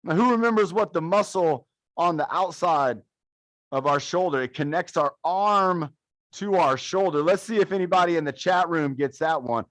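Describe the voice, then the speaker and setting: A man's voice: on the high side, normal speed, fairly bright tone, dry recording. A young man coaching a live adaptive fitness class, counting reps and cheering people on in an upbeat, playful way. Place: fitness studio.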